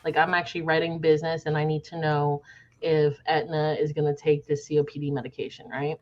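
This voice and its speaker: A woman's voice: low-pitched, little pitch movement, a little fast, muffled recording. A woman guest on a podcast, explaining with emphatic exasperation in casual conversation.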